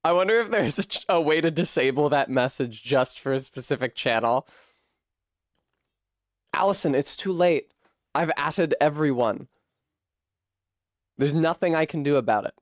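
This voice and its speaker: A man's voice: on the high side, animated, moderate pace, pauses often, no room sound, clean studio sound. Chatty self-mocking streamer man. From Rhode Island. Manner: chatty, self-deprecating, swears casually. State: coughing fits. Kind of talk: casual stream chat.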